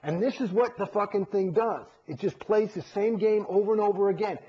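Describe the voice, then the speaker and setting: A middle-aged man's voice sits high and moves briskly, on dull audio with a little hiss or hum. As an interview guest he tells his story candidly and profanely, animated and acting out quotes.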